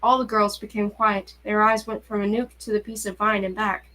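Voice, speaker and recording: A woman reading a novel aloud in a steady, even narrating voice. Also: mid-range voice, a little fast, hardly any pauses, low-quality recording. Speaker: reader. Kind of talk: audiobook-style novel reading.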